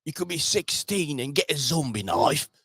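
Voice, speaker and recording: A man's voice: fairly high pitch, very animated, moderate pace, vocal fry, fairly bright tone, husky, no echo, voice pushed up, heavily acted. A man putting on an exaggerated British accent, playing a crude, blunt Brit with a mocking edge. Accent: put-on British.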